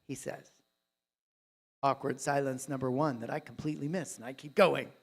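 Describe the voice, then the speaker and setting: Man, keynote speaker, storytelling, loud then hushed, live stage. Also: mid-range voice, fairly even intonation, moderate pace, gravelly, pauses often, slightly rough. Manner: dramatic, swings between loud and hushed. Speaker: dentist and coach, keynote speaker.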